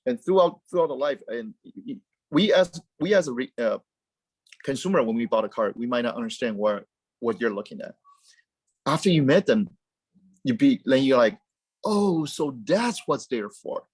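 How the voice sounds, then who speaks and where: Animated man, dry close sound. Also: mid-range voice, moderate pace, breathy edge, no echo. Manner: animated, rambling with frequent restarts and repeated words. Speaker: guest, car company founder. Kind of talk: casual interview chat.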